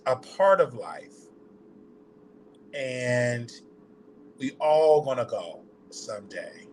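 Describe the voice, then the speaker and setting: Man, grieving vlog, halting and close to tears, slow delivery, faint background hiss. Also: medium pitch, very animated. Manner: halting, repeats words, voice breaking with grief. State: on the verge of tears. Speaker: channel host.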